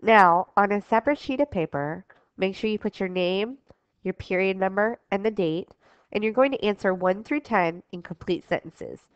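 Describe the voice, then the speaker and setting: A woman's voice: medium pitch, moderate pace, no room sound. Woman teacher narrating a storybook for class, dry and dull lo-fi sound. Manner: clear expressive reading, instructive. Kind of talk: storybook read-aloud lesson.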